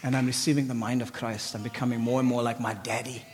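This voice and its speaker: A man preaching an energetic sermon. He swings from shouted exclamations to low, intimate asides. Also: fast, big-room sound, over loud music.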